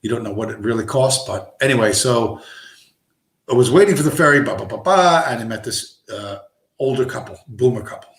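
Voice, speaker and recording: A man's voice: mid-range voice, a little fast. Profane rambling man in echoey room. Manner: profane, digressive, lots of fillers. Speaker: streamer. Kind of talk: rambling casual storytelling. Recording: roomy echo.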